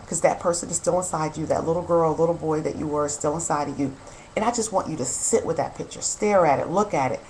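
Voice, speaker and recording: A woman's voice: on the low side, a little mellow, a little hiss or hum, poor audio. A middle-aged woman hosting a self-help talk, speaking earnestly and openly about her own feelings and encouraging her listeners. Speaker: host of a self-help video series. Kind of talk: personal reflective talk to camera.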